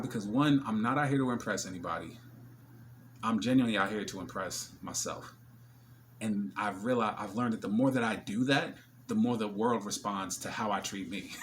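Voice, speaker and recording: A man's voice: on the low side, a little hiss or hum. A man, telling stories in a casual, slangy vlog monologue with many fillers, often acting out other people's voices. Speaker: vlogger.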